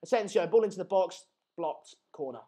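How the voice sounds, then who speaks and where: A man's voice: high-pitched, lively intonation, a little fast, mellow, husky. A young man hosting a live football watchalong stream, calling the play and chatting through viewer comments in a casual, joking way.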